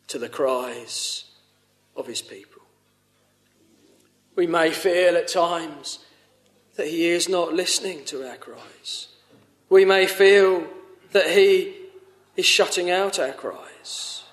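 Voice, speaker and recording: A man's voice: a little high, a bit bright, echoey room. A man preaching a sermon, earnest and pleading, rising to urgent appeals. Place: church.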